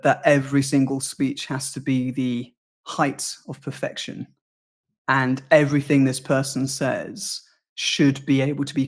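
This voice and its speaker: British public speaking coach, animated talker. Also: male voice, medium pitch. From United Kingdom. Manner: fluent, animated, acts out quoted lines. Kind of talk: podcast interview conversation.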